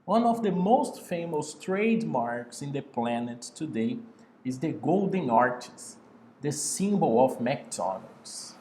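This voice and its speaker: A man's voice: a little high, animated, takes it slowly, mellow, echoey room, a little hiss or hum. A man teaching an online English class over a video call, patiently repeating key words.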